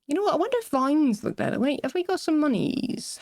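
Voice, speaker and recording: A woman streams herself building in a game, chatting casually and rambling, cutting herself off mid-sentence and laughing often as she talks to chat. Her high-pitched, darkish voice swings widely in pitch and moves fast, in a dry recording.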